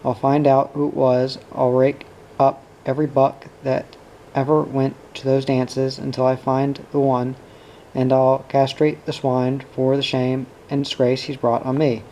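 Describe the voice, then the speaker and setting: This is a furious, bullying middle-aged father, voiced by a man reading aloud. The voice stays mellow and low-key and barely rises or falls in pitch, so the cruelty rests on the words. A faint hum sits behind it. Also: little pitch movement, a little slow, natural voice, poor audio. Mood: raging. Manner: shouting abuse, bullying.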